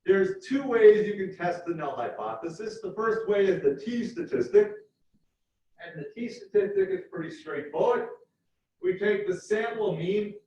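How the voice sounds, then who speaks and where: A man's voice: high voice, animated, darkish tone. Lecturing man in an echoey hall. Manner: explanatory, repeats key points slowly. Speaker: university lecturer. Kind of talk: classroom lecture. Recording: echoey hall from far off, dull.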